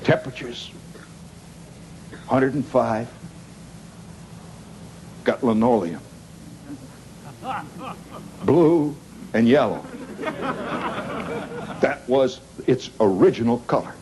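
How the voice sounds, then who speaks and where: A middle-aged man telling a rambling comic story to a live audience, wry and animated, with dramatic pauses and sound effects. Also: medium pitch. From Indiana, United States. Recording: 1970s live recording with noisy audience.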